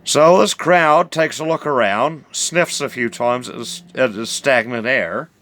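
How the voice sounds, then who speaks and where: A man's voice: mid-range voice, measured pace, fairly bright tone. A man with a New Zealand accent telling a rambling, drawling yarn full of fillers and self-corrections. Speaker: storyteller.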